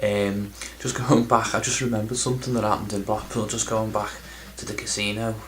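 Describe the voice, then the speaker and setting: A man's voice: fairly low pitch, flat delivery, fairly quick, a little hiss or hum, rough recording. Rambling man vlogging casually. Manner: rambling, self-deprecating, lots of ums and restarts. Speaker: video game collector vlogger. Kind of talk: casual chatty vlog.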